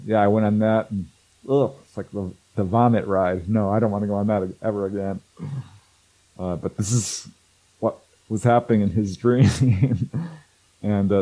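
A man with a lowish, warm voice appears as a guest who researches contact stories, telling a story in casual conversation. He performs the quoted voices and laughs often, and the recording quality is low.

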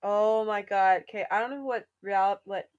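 A woman co-hosting a casual chat, animated and laughing as she tells stories. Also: medium pitch, normal speed, smooth, lo-fi sound. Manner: animated storyteller, laughs while telling. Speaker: podcast co-host.

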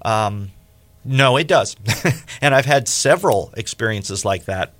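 Man, radio host, lively storytelling voice, jumps high for quoted lines, middle pitch. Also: unhurried. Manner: animated, acts out quoted speech with big pitch jumps. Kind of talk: storytelling in a faith radio interview.

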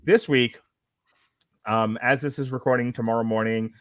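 A man's voice: medium pitch, fairly even intonation, moderate pace, fairly bright tone, no room sound, clean studio sound. A man hosting a casual movie review podcast, reading out critic quotes and laughing often. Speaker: podcast host.

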